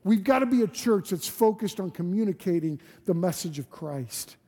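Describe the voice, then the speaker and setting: A man's voice: high-pitched, lively intonation, moderate pace, warm tone. A man preaching a sermon as a pastor, earnest and full of rhetorical questions and restarts. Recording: long hall reverb.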